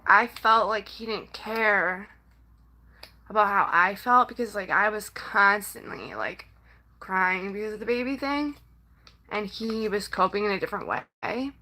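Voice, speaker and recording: A young vlogger with a medium-pitched, bright and forceful voice chats personally with her viewers over poor audio. She meanders and stumbles, using plenty of "um" and "like," and becomes emotional, nearly crying at points.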